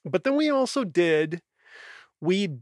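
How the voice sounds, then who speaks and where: A man's voice: sits high, sing-song, slow pace, a little mellow, no echo. Musician guest, man, reflective, chatty fillers, dry recording. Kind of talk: casual interview answers.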